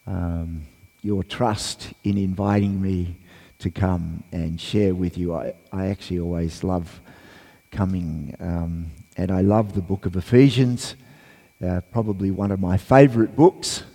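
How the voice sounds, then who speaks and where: A man with a croaky voice giving a sermon as a guest preacher, hesitant with fillers, then reading scripture and praying with fervour. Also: deep voice, steady tone, slow. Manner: hesitant, many fillers, then rises into loud fervent reading. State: croaky voice from a cold. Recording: long church reverb.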